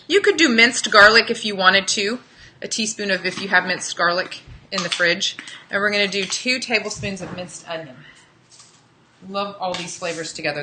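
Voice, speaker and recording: A woman's voice: mid-range voice, bright, forceful tone, roomy sound, a little hiss or hum, low-quality recording. A woman hosting a casual live cooking demo, chatting with viewers as she cooks in a home kitchen. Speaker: cooking show host.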